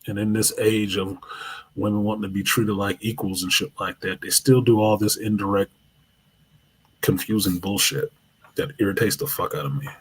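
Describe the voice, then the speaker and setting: Man, live show host, profane storytelling, animated, husky voice. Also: lowish voice, moderate pace.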